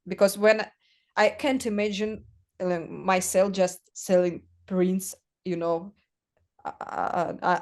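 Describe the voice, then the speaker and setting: Woman telling stories haltingly. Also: lowish voice, darkish tone. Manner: halting, searching for words, many fillers. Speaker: guest artist. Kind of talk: casual conversational storytelling.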